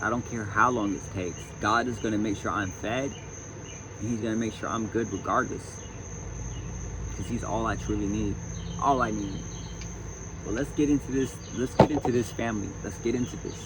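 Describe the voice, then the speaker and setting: A man's voice: lowish voice, steady tone, moderate pace, background noise. A man in a casual spiritual talk, reading a self-help book aloud between emotional, preachy asides that repeat themselves, outdoors at night.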